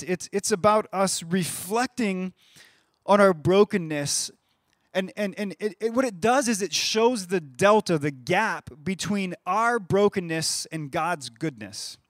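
A man's voice: sits high, no echo, clean studio sound. A man in his thirties giving a sermon in a conversational way, often repeating words as he starts a phrase. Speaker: pastor.

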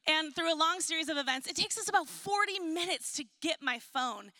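A woman pastor giving a sermon, telling a personal story with laughs and reading scripture softly. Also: sits high, lively intonation, no room sound. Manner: storytelling with laughs and acted-out quotes; reads scripture softly and slowly.

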